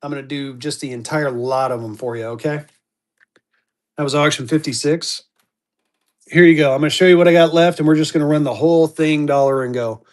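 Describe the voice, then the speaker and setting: A man's voice: on the high side, fairly even intonation, fairly quick. A man selling banknotes in a live-stream auction, with hyped, repetitive auctioneer patter.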